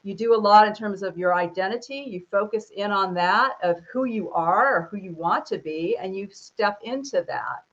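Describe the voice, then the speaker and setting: A woman's voice: mid-range voice, normal speed, hardly any pauses, fairly bright tone. Female interview host, chatty and affirming, lo-fi audio. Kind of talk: conversational interview. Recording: dull lo-fi sound.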